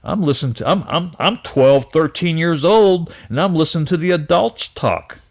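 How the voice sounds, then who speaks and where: Earnest halting man in his fifties. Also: fairly high pitch, expressive. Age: 50s. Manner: halting, repeats and restarts words, earnest. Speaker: channel host. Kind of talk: personal reminiscence to camera.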